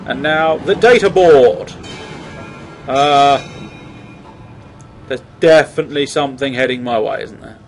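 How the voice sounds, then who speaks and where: A man's voice: mid-range voice, unhurried, pauses often, faint music behind. A man giving jokey, mildly sweary let's play commentary on a horror game. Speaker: gamer.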